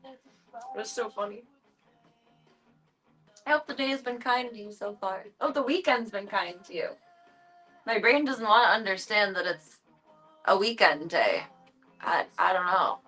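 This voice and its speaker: A woman's voice: medium pitch, normal speed, pauses often, pushed and bright, soft background music, low-quality recording. A woman livestreaming from home, chatting casually and cooing playfully at her cats in baby talk.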